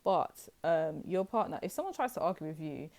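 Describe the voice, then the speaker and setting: Young female tarot reader, deep-pitched, loose and rambling, direct to camera. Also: very animated, brisk, gravelly, darkish tone. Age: young adult. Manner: chatty, rambling, addresses viewers as guys. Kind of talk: casual tarot reading to camera.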